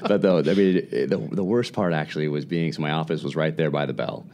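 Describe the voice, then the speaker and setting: A man's voice: very deep voice, brisk, a little mellow. A man who is a guest on a podcast, talking candidly and casually, with many restarts and easy laughs. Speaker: guest, former special operations instructor.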